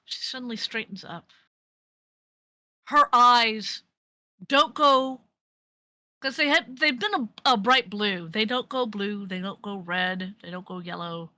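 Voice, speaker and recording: Bright-voiced woman game master. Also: medium pitch, unhurried, pauses often, no echo. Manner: animated, laughing often, with frequent fillers and restarts. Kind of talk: narrating a tabletop game.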